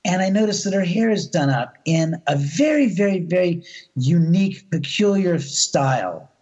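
A man telling a ghost story in an interview, excitable, acting out voices and repeating words as he goes. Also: sits high, moderate pace. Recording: dull lo-fi audio.

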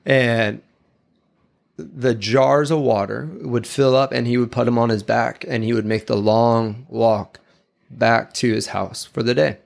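A man delivers a heartfelt sermon-style talk in a gravelly, mid-pitched voice. He sounds earnest and confessional, reflecting openly as he speaks. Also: fairly even intonation, measured pace. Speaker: speaker giving a devotional talk.

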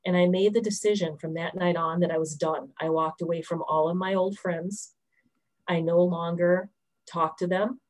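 Woman in her thirties, lowish voice, candid faith testimony with restarts. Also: fairly even intonation, moderate pace, darkish tone, rough recording. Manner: candid, storytelling, many restarts. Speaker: testimony speaker.

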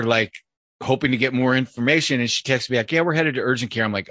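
A man's voice: mid-range voice, fast talker, bright, forceful tone, no echo. A man hosting a podcast in casual chat, joking and moving the talk along. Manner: joking, steers the conversation. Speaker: podcast host.

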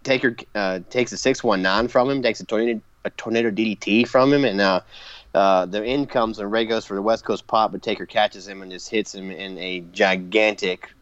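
On a dull, dry lo-fi podcast mic, a man with a fairly low, steady voice hosts a casual show at a slightly fast clip. He rambles through a wrestling recap, leaning heavily on fillers and laughing at his own bits.

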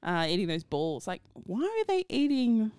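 A woman's voice: medium pitch, big pitch swings, normal speed, darkish tone, smooth, dry recording, clean studio sound. Giggly chatty woman radio host. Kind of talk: casual radio chat.

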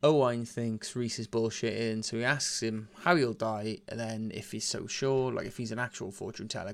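A man's voice: on the low side, fairly even intonation, moderate pace, gravelly, few pauses. A man casually retelling a legend as a podcast host, swearing and laughing as he goes. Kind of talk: casual storytelling.

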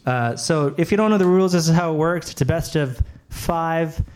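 Rambling game show host, a man with a higher voice, faint background noise. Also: normal speed, darkish tone. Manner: rambling, stumbling announcer. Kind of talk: comedic game show hosting.

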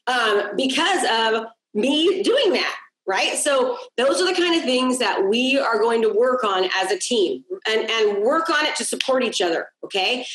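A woman's voice: on the high side, fairly bright tone. Upbeat woman coach on an echoey call. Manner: upbeat, encouraging, repeats key points, asks "okay?". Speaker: business coach. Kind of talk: live group coaching on a video call. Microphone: video call.

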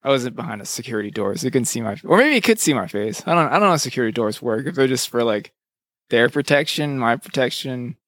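A man's voice: medium pitch, animated, fast talker, fairly bright tone, no room sound. Casual male co-host, mid-range voice, rambling and offhand, dry close sound. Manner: loose, rambling storyteller, many fillers. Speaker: podcast co-host. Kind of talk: casual chat.

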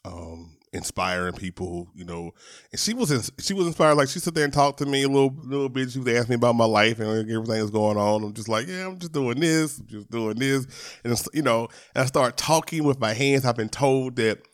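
A podcast host with a mid-range voice tells a personal story in a chatty monologue, talking fairly quickly, restarting his words and addressing listeners as y'all. The podcast microphone gives a clean studio sound with no room ambience.

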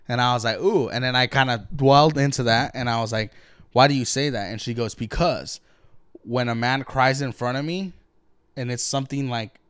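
A man's voice: mid-range voice, a bit bright, clean tone, no room sound, studio quality. A young man co-hosting a podcast, ranting bluntly and profanely in casual chat. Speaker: podcast co-host.

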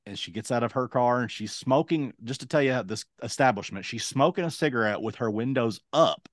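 A young man and podcast co-host telling a casual, lively anecdote, acting out other people's lines as he goes. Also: mid-range voice, brisk, slight background noise. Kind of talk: casual storytelling.

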